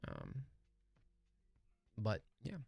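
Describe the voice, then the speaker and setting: A man's voice: extremely slow, darkish tone, no room sound. A man hosting a live music review stream, chatting casually and enthusiastically with lots of slang, fillers and restarts. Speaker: livestream music review host.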